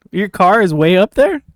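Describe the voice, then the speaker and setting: A man's voice: sits high, no room sound, clean studio sound. A man hosting an improv comedy show in casual chat, playful, laughing often and swearing lightly, over a voice call.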